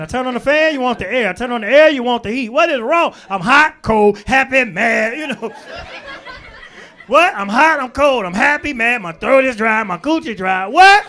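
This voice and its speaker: A man performing a stand-up comedy set in a club, working the crowd with loud bursts and low asides. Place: comedy club stage before a laughing crowd. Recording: live club recording with crowd laughter. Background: audience laughter.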